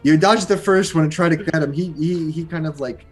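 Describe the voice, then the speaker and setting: A man's voice: a little high, brisk, music in the background. A man narrating a tabletop game as game master in a casual, laughing way. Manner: casual, laughing, gestures as he describes.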